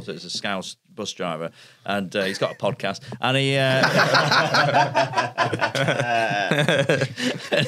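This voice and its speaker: A man's voice: medium pitch, fairly bright tone. A man telling comic stories, laughing and acting out the scenes as he goes. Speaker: comedian guest. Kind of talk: comic storytelling.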